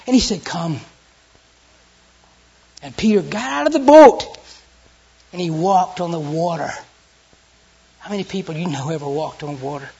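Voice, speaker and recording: A preacher with a Southern US accent tells an earnest sermon story, dropping to a hush and then rising again. The voice is husky and mid-pitched. The recording sounds dull and lo-fi. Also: expressive, normal speed, pauses often. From Southern United States. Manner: storytelling and earnest, with sudden hushed and loud turns.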